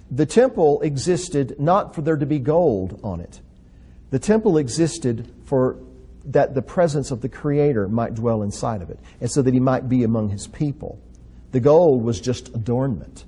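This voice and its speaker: Guy preaching a sermon, husky mellow voice, reads scripture w/ lots of emphasis then explains it. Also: mid-range voice.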